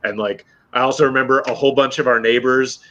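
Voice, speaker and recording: A man's voice: mid-range voice, steady tone, quick pace, a bit bright, lo-fi sound. A man from Michigan in casual, rambling chat as co-host, swearing now and then.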